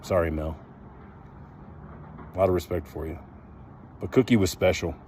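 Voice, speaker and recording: A man in his fifties and former rugby player reading a memorial tribute from his notes, halting and full of ums and uhs. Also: low-pitched, a little mellow, a little hiss or hum.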